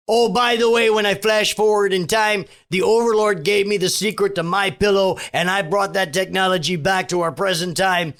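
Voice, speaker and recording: A man impersonating an unhinged, rambling pillow-selling conspiracy pitchman with a put-on Minnesota accent. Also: a bit bright.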